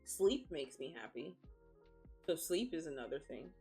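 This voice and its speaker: A woman streaming as a VTuber chats casually, blunt and profane, playfully dramatic and laughing often. Her voice is low-pitched with a darkish tone.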